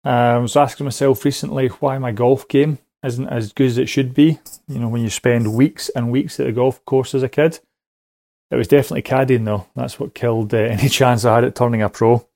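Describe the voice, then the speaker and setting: A man's voice: medium pitch, steady tone, fairly quick, gravelly, dark tone, dry recording, clean studio sound. A man calling in with a story, rambling along with lots of ums and little laughs. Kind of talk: casual recorded voice message.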